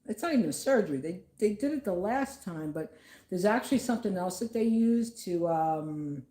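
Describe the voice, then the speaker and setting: A woman vlogging from home, talking casually and haltingly about grief with many fillers. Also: medium pitch, expressive, dark tone, echoey room.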